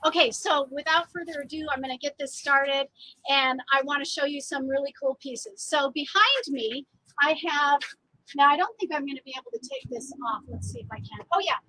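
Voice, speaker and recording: A woman's voice: high-pitched, brisk, sharp tone, low-quality recording. A woman artist hosting a casual live stream outdoors, bubbly and laughing often. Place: outdoors, a little windy.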